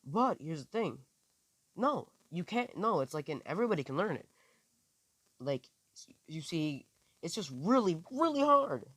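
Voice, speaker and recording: A man's voice: on the high side, sing-song, moderate pace, pauses often, a bit bright, no echo, voice pushed up. Man doing a goofy teen boy ninja. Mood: casual. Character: cheerful goofy teenage boy ninja hero.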